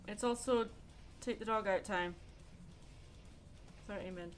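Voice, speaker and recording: A woman's voice: mid-range voice, a little slow. A young Scottish woman chatting casually while she draws on a livestream, talking about herself with a chatty, self-mocking humor and laughing often. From Scotland. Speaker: artist streamer. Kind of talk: casual chat while drawing on stream. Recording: faint music behind.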